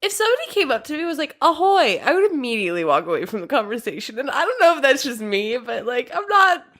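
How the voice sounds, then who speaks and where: A woman's voice: high-pitched, sing-song, quick pace, fairly bright tone. Wry teasing woman podcaster. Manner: teasing, wry, reads text aloud. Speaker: podcast co-host. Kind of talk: casual comedic chat.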